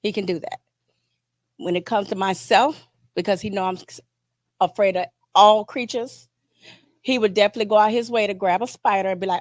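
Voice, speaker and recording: A woman speaks at a memorial in a heartfelt, informal way, stopping and restarting as she goes. Her voice sits at an ordinary middle pitch and the sound is close and dry. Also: brisk, no room sound. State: choked up, near tears. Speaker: aunt giving a memorial tribute. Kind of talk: emotional memorial speech.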